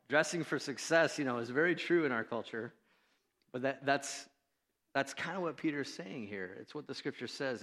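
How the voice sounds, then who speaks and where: Man, pastor, casual conversational sermon, acts out quotes, mid-pitched voice, echoing church hall. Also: fairly bright tone. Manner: conversational, self-deprecating, with fillers and acted-out quotes. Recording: preached in a reverberant church hall.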